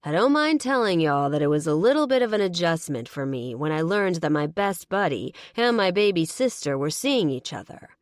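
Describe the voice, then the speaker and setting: A bearded biker man, voiced by a woman, hearty and folksy as he raises a toast. The voice sits low and dry, with no room sound around it. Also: sing-song, a little fast, few pauses, dry recording. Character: bearded male biker, big brother giving a toast.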